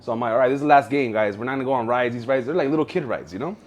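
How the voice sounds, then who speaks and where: Fast-talking profane podcast guy. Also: mid-range voice. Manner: animated, profane, acts out quoted voices. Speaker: podcast co-host. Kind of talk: casual storytelling.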